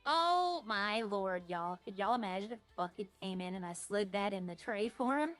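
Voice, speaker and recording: A woman's voice: medium pitch, a little fast, faint music behind. A woman streaming a roleplay game, chatting casually and jokily to her viewers in a rambling way.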